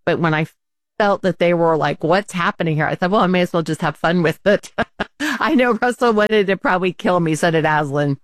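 Woman, casual storyteller, lowish voice, dry close sound. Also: a little fast, dry recording. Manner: animated, laughing, acts out quoted voices.

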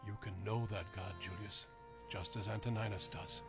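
A calm, steadfast apostle. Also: male voice, lowish voice, normal speed, vocal fry. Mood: serene. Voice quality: gentle, soothing and resolute. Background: music.

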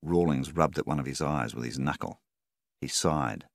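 Male audiobook narrator, steady reading, very deep, dry close sound. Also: normal speed, dry recording. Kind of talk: scripted narration.

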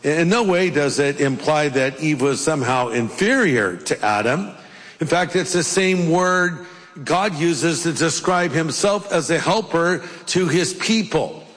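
A man's voice: a little high, expressive, a little slow, a bit bright, big-room sound. A man preaching a sermon as pastor, explaining scripture with playful asides. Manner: jokey, puts on playful accents.

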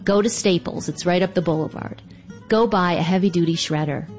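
Woman playing her bossy sister, calm and brisk, lowish voice. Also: soft background music, natural voice. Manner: brisk, reassuring instructions.

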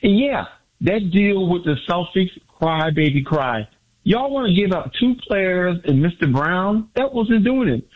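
A man calling in from Miami to a sports radio show, boasting with excitement and repeating his points. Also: fairly high pitch, slow. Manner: exuberant, repetitive, boastful. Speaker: caller. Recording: muffled phone line.

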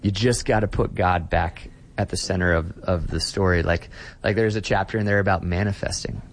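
A man's voice: low voice, fairly even intonation, moderate pace, slight background noise. A man who is a pastor, speaking as an interview guest in an earnest, reflective way, often restarting his sentences.

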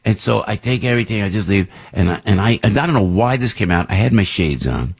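A man hosting a radio talk show who tells a rambling, animated story with many restarts. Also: fairly low pitch, fast, creaky, breathy edge. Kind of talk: casual storytelling chat.

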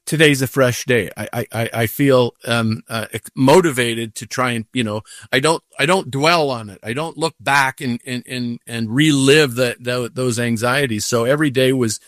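An older man, a professional golfer as guest, telling a story casually in an animated way, acting out what he said to himself. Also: mid-range voice, moderate pace, hardly any pauses, dry recording, studio quality. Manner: animated storytelling with acted-out inner voices.

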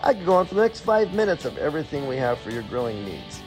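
A man's voice: fairly high pitch, big pitch swings, quick pace, darkish tone, soft background music. Cheerful man in a shop radio ad. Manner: cheerful, listing items. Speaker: butcher shop owner. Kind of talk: radio ad read.

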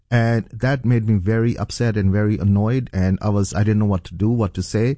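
A man's voice: lowish voice, fairly quick, few pauses, mellow, dry recording, clean studio sound. A middle-aged man from Pakistan, a pastor telling his personal testimony earnestly, with frequent fillers and restarts. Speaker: pastor and guest.

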